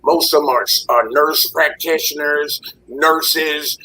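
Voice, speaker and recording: A man on a discussion panel with a hoarse, husky voice from a recent illness, ranting heatedly and swearing a lot. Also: fairly high pitch, fairly even intonation, slow, pushed and bright, rough recording.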